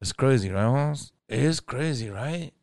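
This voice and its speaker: A man putting on a hardened, streetwise father with a relaxed, slangy drawl. The voice is smooth and recorded dry and close. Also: medium pitch, unhurried, no echo. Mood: laid-back. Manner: drawling slang, calls people homie. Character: tough streetwise dad, laid-back.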